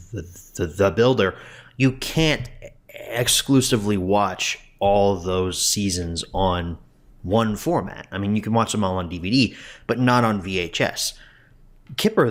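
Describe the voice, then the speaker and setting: A man hosting his own home media review show, talking casually with restarts and asides. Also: on the low side. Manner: mock-sobbing, exaggerated emotional outbursts at the start; conversational, with frequent restarts and asides.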